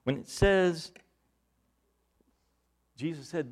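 Male preacher, high voice, lively pitch, slow deliberate delivery, emphatic bursts. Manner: animated Bible exposition, rising to loud emphatic bursts. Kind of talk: sermon.

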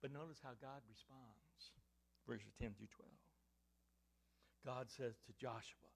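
A man preaching a sermon, firing rhetorical questions and swinging between loud emphatic lines and hushed ones. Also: medium pitch, slow, vocal fry, pauses often, slightly rough.

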